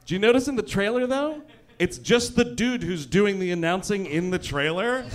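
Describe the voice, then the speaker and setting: A man co-hosting a podcast, chatting casually about a movie in an animated, joking way with frequent swearing. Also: high voice, normal speed. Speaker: podcast co-host.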